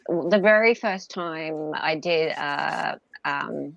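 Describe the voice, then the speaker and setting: A woman's voice: low-pitched, takes it slowly, vocal fry, fairly bright tone, no room sound. A woman from Australia hosting a casual live legal-commentary stream, talking with many fillers and restarts.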